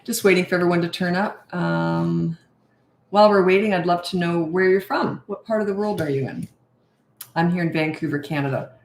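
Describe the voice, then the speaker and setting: A woman's voice: lowish voice, brisk, gravelly, echoey room. A middle-aged woman, a parenting coach, chatting and rambling casually on a live-stream Q&A, self-deprecating.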